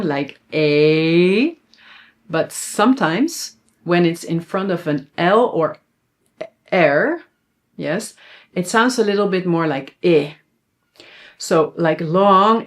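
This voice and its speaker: A woman with a Dutch accent and a lowish voice gives a pronunciation lesson. She says example words slowly and asks viewers to repeat them after her.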